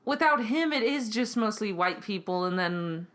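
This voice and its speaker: A young woman co-hosting a podcast, chatting casually, animated and swearing freely. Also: mid-range voice, normal speed. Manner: animated, swears freely, acts out bits in funny voices. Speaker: podcast co-host. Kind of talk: casual chat.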